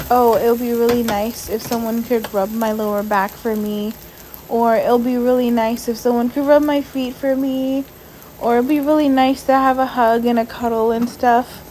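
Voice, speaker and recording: A stressed, emotional woman talking softly in a casual vlog voiceover, sighing often and filling her talk with "like.". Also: on the high side, steady tone, moderate pace, slight background noise, poor audio. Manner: soft, sighing, frequent "like" fillers. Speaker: vlogger. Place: at home, lying down. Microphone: voiceover mic.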